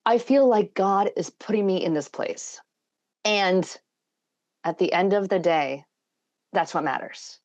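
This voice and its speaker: A woman's voice: mid-range voice, a little slow, pauses often, a little mellow. A woman guest on a podcast, an engineer and math educator, talking earnestly in long, wandering sentences. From Scotland. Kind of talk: casual interview chat. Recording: dull lo-fi sound.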